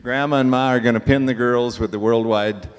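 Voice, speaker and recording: A man's voice: mid-range voice, fairly even intonation, fairly quick, clear, resonant tone. A man emceeing a graduation ceremony in a folksy, joking way, calling people up. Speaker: auctioneering school emcee. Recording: long hall reverb.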